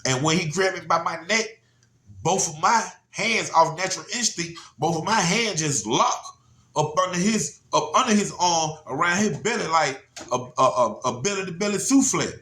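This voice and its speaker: Animated man telling a street story. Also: fairly high pitch, normal speed. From Georgia, US. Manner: animated, repeats "you know what I'm saying". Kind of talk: casual spoken storytelling. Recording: roomy echo.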